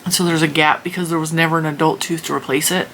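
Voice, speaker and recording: A middle-aged woman hosting her crafting channel, telling a story casually with animated exasperation. Her voice has a bright edge. Faint noise hums behind her. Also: deep voice, fast. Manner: animated, exasperated retelling with laughs.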